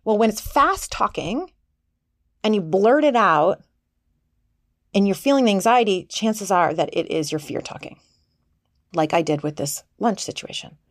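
A woman's voice: mid-range voice, animated, measured pace, pauses often, dry recording, studio quality. A woman coach giving a casual self-help talk in a conversational way, sometimes acting out the voices she quotes.

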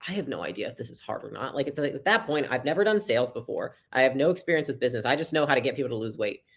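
A woman's voice: a bass voice, expressive, creaky, husky. A young adult woman, a podcast guest, telling her story in a casual, chatty interview and acting out the dialogue. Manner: fast, chatty, acts out quoted dialogue.

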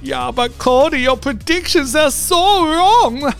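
A man voicing a snippy male assistant who heckles the host in a high, sneering tone. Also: lively intonation, slow pace, vocal fry, a bit bright, faint music behind, exaggerated voice. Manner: sneering and dismissive.

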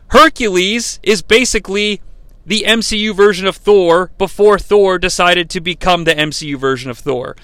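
A man's voice: high-pitched, bright, forceful tone, dry recording. Sardonic, foul-mouthed male podcast host. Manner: profane, sardonic, ranting. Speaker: podcast host, film reviewer. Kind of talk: casual podcast rant.

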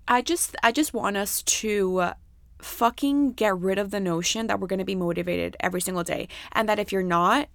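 A woman's voice: medium pitch, gravelly, fairly bright tone, dry recording. A young woman hosting a podcast solo, talking casually and candidly with lots of fillers and swearing. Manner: chatty, candid, swears freely, many fillers. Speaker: podcast host.

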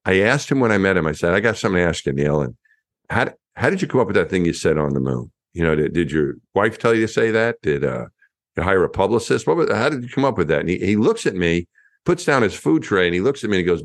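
A man in his fifties, a former astronaut, telling lively anecdotes as an interview guest, often restarting his sentences. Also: low-pitched, fast talker, no room sound, studio quality. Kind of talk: storytelling interview.

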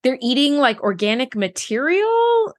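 A woman with a high-ish voice and a very lively, swooping pitch chats about an episode. She sounds enthusiastic and swears casually as she talks. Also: a little slow. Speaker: podcast co-host. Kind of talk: casual chat recapping a TV episode.

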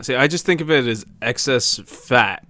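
A man's voice: mid-range voice, expressive, moderate pace, pushed and bright, dry recording. Emphatic man, dry close sound. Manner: mock-indignant and emphatic in rants. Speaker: podcast co-host. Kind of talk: casual chat.

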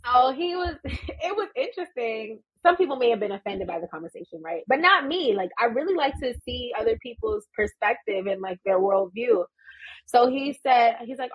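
A woman in her thirties from the United States, telling travel stories as a guest in a casual, animated interview and laughing often. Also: on the high side, normal speed, breathy edge, poor audio. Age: 30s.

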